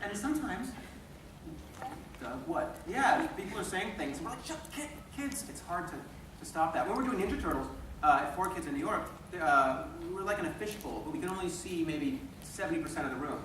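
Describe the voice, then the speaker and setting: A man tells convention panel stories with a lively, sing-song voice that rises a little high, laughing as he goes. He was taped from across an echoey hall, far from the mic, with a clear wash of room noise behind him. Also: brisk. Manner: animated, laughing, acting out quotes.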